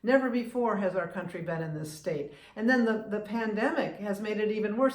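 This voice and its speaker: A US woman in her seventies, a vlogger and humorist, chats opinionatedly to camera in a casual vlog, frequently stopping and restarting her sentences. Her pitch is ordinary and she talks a little fast. The room she's in has a noticeable echo.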